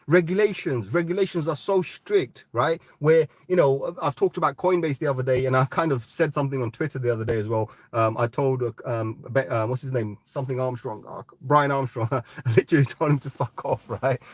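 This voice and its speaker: A man's voice: medium pitch, brisk, no room sound. Blunt ranting man. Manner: blunt, swearing, frustrated, repeats "right?". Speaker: crypto podcast host. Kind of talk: ranting live stream.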